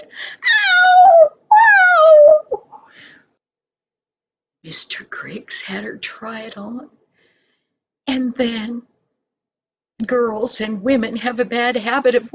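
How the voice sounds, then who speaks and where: A woman's voice: on the high side, slight background noise. An older woman reading a Christmas story aloud, with dramatic whispers and playful sound effects.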